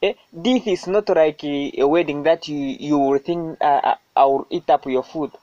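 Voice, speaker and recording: A man's voice: fairly high pitch, normal speed, dark tone, dry recording, muffled recording. A man performing a comedy skit, accusing someone and demanding again and again why.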